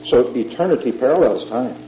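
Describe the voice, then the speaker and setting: A man's voice: medium pitch, animated, a little fast, slight background noise. A man teaching a Bible lecture to a class, explaining patiently, repeating his points and checking in with his listeners. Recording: echoey room, dull lo-fi tape, music behind.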